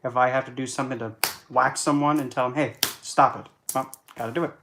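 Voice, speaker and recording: A man's voice: mid-range voice, steady tone, fast talker, gravelly, noisy background. A man talks loosely and bluntly in a casual monologue. He jokes darkly and keeps correcting himself as he goes. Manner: chatty and blunt, darkly joking, self-correcting. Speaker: occult and astrology vlogger.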